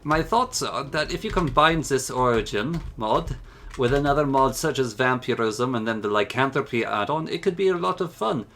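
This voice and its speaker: Enthusiastic male gaming host, casual commentary, bright voice. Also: mid-range voice, animated, normal speed, a little hiss or hum. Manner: chatty, enthusiastic. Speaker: mod showcase host.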